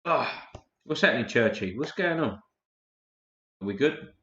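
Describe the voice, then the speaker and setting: A man's voice: medium pitch, lively intonation, measured pace, a bit bright. A man hosting a casual live stream, chatting loosely and swearing freely while tired and yawning. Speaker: livestream host. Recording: roomy, dull lo-fi stream audio.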